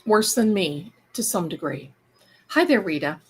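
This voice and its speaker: A woman's voice: medium pitch, very animated, measured pace, breathy edge. A woman hosting a casual livestream, chatting and rambling to her viewers. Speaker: live-stream host.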